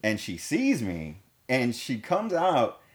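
A man's voice: medium pitch, wildly swooping pitch, takes it slowly. A man telling a story in casual chat, laid-back and slangy, cursing freely and calling people dude and man.

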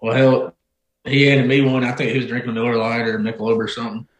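A man telling stories in a loose, folksy way, swearing freely. His voice sits at a middle pitch. The room adds a noticeable echo. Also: little pitch movement, quick pace. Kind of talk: casual chat.

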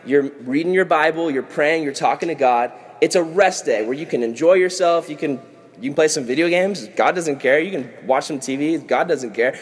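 A man teaching a casual Bible lesson to kids as a youth pastor, animated and jokey, acting out characters. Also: on the high side, moderate pace, slightly rough. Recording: long hall reverb.

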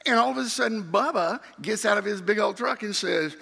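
A man's voice: high voice, expressive, a little fast, creaky, few pauses, pushed and bright, husky. A middle-aged man tells a sermon story as a youth minister, acting out other people's voices. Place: church sanctuary. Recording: reverberant hall.

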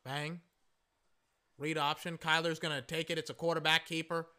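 With smooth, higher-pitched speech at a moderate pace, a man keeps up a rambling live reaction to a football game. He calls out plays excitably as they happen, all in a casual tone.

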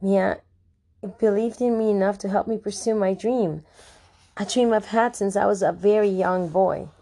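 A woman's voice: medium pitch, fairly even intonation, normal speed, dark tone, natural voice. A woman voicing an earnest teenage boy who speaks sincerely in an audiobook reading. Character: earnest teenage boy, newly polished model.

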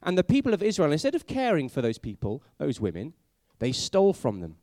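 A man preaching a sermon, telling it like a story and asking his listeners many questions, sometimes dropping to a hushed voice for emphasis. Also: fairly high pitch, huge pitch swings, a little fast, no room sound, studio quality. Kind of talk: sermon for a family audience.

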